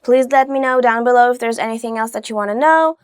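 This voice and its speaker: Young woman, friendly lesson host, upbeat and chatty, slightly high, dry close sound. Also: smooth, no room sound. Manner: chatty and upbeat, drawn-out phrase modelling. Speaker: language teacher host. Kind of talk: casual video lesson.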